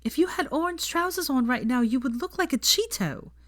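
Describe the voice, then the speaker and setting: A woman voicing a sharp-tongued, tearful teenage witch who scolds in a high, exasperated voice. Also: lively intonation, fairly quick, dry recording, clean studio sound. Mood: tearful scolding.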